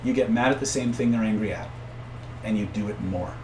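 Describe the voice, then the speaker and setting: A man coaching viewers on influence in a casual live-stream, often tagging points with "right?" and shouting out angry characters when he tells stories. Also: fairly low pitch, fairly quick, roomy sound, noisy background. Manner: conversational, tags points with "right?"; acts out angry voices loudly in stories. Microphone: own camera setup.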